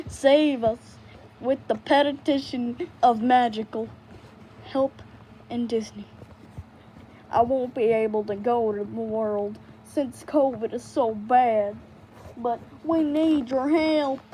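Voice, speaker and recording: A woman's voice: high voice, warm tone. A young woman voicing a female briar patch critter, begging over and over in a melodramatic way, in a noisy home recording.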